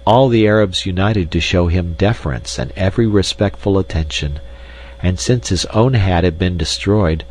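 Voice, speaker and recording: Deep-voiced man, measured audiobook narrator. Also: darkish tone, rough recording. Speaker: storyteller.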